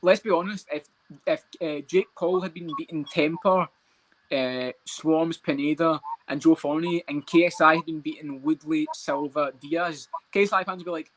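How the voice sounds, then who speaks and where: Fast-talking sweary man. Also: a little high, fairly even intonation. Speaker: podcast co-host. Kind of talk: casual chat.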